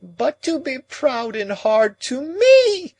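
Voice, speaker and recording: A man's voice: very high-pitched, sing-song, takes it slowly, darkish tone, no room sound, pitched above the performer's own voice, full character voice. A man playing a shrieking, anguished old woman. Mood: frantic. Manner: moaning, wailing, overwrought.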